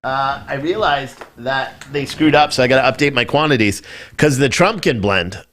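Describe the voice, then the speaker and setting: A man's voice: mid-range voice, normal speed, a bit bright. A man hosting a live-streamed political talk show, ranting in a loose, profane way and breaking into mocking impressions.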